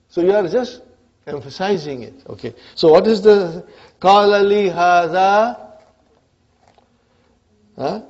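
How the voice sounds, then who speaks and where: A man's voice: high voice, unhurried, long pauses, a little mellow, lo-fi sound. A man teaching an Arabic grammar class to adult students, often stopping to check in with "huh?" and "brothers and sisters". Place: community centre classroom.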